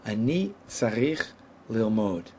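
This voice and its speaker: A man teaching a Hebrew lesson at a whiteboard, explaining patiently and saying each Hebrew word slowly and carefully. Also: on the low side, very animated, mellow, a little hiss or hum.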